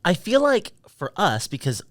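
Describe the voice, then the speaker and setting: A man's voice: high-pitched, wildly swooping pitch, moderate pace, no room sound, clean studio sound. A man co-hosting a podcast, talking casually and thinking things through aloud. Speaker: podcast co-host. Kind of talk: casual chat.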